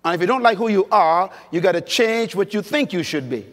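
Here a preacher with a high, expressive voice speaks briskly, giving an emphatic conference sermon full of stories and questions aimed at the audience. The setting is a large conference hall, and its long reverb is audible throughout.

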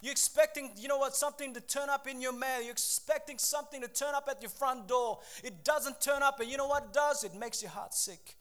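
A man's voice: very high-pitched, a little fast, hardly any pauses. A man preaching a sermon to his congregation, acting out the people he quotes and calling out to the room. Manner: animated preaching, acts out the speakers he quotes, calls out to the congregation. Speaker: pastor.

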